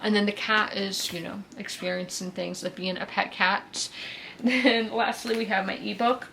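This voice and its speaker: Her mid-range voice is steady and a bit bright, at a moderate pace with vocal fry. This South Carolina woman in her twenties talks casually about what she read this week as a book vlogger, leaning heavily on fillers like "um" and "you know." Slight background noise is audible.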